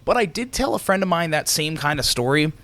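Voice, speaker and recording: A man co-hosting a casual podcast, telling a spooky story with dramatic pauses and swearing. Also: on the high side, lively intonation, fairly bright tone. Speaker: podcast co-host. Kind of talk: casual chat and campfire story.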